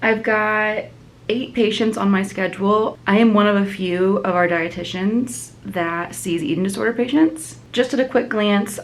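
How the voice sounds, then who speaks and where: A woman's voice: medium pitch, rough recording. Chatty woman vlogging her day. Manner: chatty, talks straight to viewers. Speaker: outpatient dietitian vlogger. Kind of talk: casual vlog chat.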